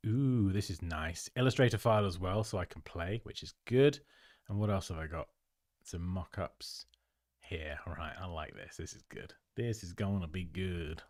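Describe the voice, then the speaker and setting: A man with a low, darkish voice and normal speaking speed hosts a livestream, offering chatty, upbeat feedback on viewers' design work. He laughs often during this casual commentary, recorded at studio quality with no echo.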